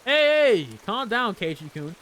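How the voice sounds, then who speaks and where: A man reading the lines of a calm woman from a visual novel game, in a soft, low, measured voice. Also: full character voice. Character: calm woman soothing a panicked boy.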